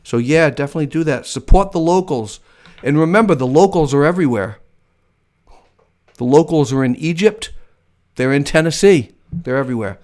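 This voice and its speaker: A man's voice: on the high side, lively intonation, moderate pace, a little mellow. An American man hosting a casual live-stream chat, talking in a chatty, enthusiastic way and laughing often. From United States. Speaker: host.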